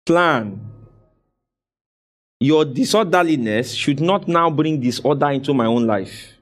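Male preacher, slightly high voice, drives points home through repetition and asks the congregation to answer back. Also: expressive, a little slow. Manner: exhorting, call-and-response with the congregation; repeats phrases for emphasis. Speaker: pastor. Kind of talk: sermon.

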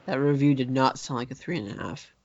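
A man's voice: mid-range voice, fast, no room sound, muffled recording. A man co-hosting a film podcast, teasing and arguing with his friend in casual chat. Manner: teasing, argumentative. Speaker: podcast co-host.

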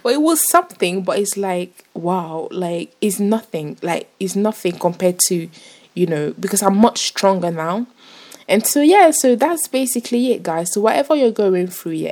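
Young woman, lowish voice, earnest, rambling, casual faith vlog. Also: darkish tone. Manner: earnest, rambling with many fillers and restarts. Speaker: vlogger. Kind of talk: casual faith talk to camera.

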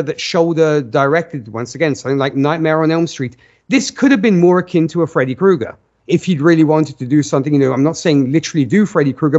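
A man's voice: fairly high pitch, a little mellow. A man co-hosting a podcast, giving earnest film opinions in long, restarting runs. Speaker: podcast co-host. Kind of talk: casual film review chat. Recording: dull lo-fi audio.

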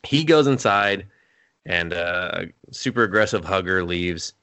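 A man's voice: low-pitched, animated, unhurried, bright, forceful tone, clean tone, no echo. A man co-hosting a podcast, casually recapping an anime with loose, profane retellings and acted-out character lines. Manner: laid-back, swears freely, acts out characters' lines mid-recap. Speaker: podcast co-host.

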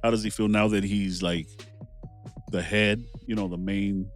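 A man's voice: on the low side, steady tone, measured pace, soft background music. A man hosting a casual chat, asking long, rambling questions filled with "you know" and "like".

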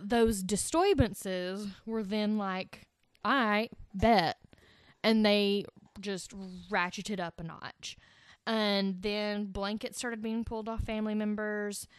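A woman's voice: mid-range voice, smooth, no echo, studio quality. A woman hosting a casual podcast, telling a scary story with swearing and joking asides. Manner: swears freely, jokey asides.

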